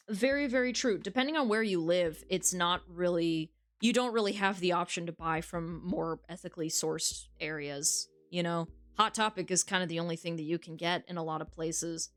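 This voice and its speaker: A woman's voice: lowish voice, a bit bright. A woman streaming a dating game, reading its text aloud and chatting casually with viewers, frank and swearing freely.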